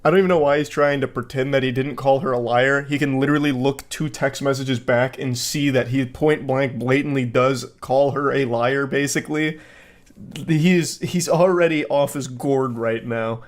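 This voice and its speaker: A man at a mid pitch giving comedic reaction commentary. His delivery is sarcastic and deadpan, with dry mockery. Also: normal speed.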